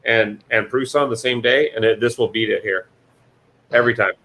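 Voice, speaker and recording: A man's voice: mid-range voice, fairly even intonation, brisk, pushed and bright. A man hosting a casual livestream, joking and swearing loosely while wiring a printer. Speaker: host building a printer enclosure.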